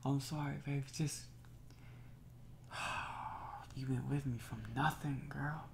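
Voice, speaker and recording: A man in a whispered role-play as an adoring, emotional boyfriend. His voice is gravelly with fry, and he speaks slowly and gently. A faint noise sits under the recording. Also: mid-range voice, fairly even intonation. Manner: soft and affectionate, often breaking into laughs and sighs. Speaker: ASMR creator.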